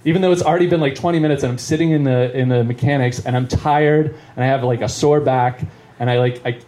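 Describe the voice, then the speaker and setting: Dark-voiced man telling a rambling story. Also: mid-range voice, steady tone, quick pace. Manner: rambling, self-interrupting, chuckles at his own story. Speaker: comedian. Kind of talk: stand-up storytelling. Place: live venue.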